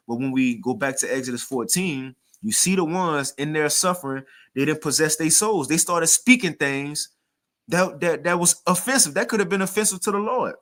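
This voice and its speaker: A man gives a loose, conversational sermon full of slang. He reads scripture passages aloud and comments on them in a slightly high voice. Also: a bit bright. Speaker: preacher.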